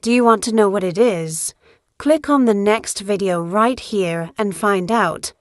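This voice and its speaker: A woman teaches English in a slow, carefully paced voice, saying each example sentence clearly so it can be repeated. The sound is dry and close, with no room echo. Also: mid-range voice. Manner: clear, deliberate, model-sentence delivery. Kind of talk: slow scripted language lesson.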